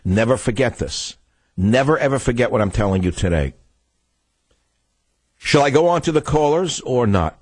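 A man's voice: medium pitch, expressive, normal speed, long pauses, husky, dry recording. A man hosting a political talk radio show, ranting heatedly and repeating phrases for emphasis. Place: radio studio.

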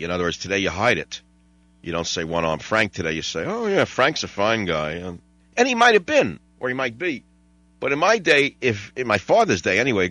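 A man's voice: on the low side, bright, forceful tone, no echo. An older man hosting a talk radio show, rambling wryly through stories and chatting with callers. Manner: digressive, wry, mimics voices and jokes with callers. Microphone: studio microphone.

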